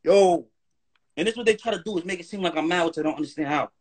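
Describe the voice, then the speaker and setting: Husky high-voiced man ranting angrily. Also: quick pace. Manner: profane, animated, keeps asking "you heard?". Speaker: guest on a live stream. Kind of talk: heated livestream rant.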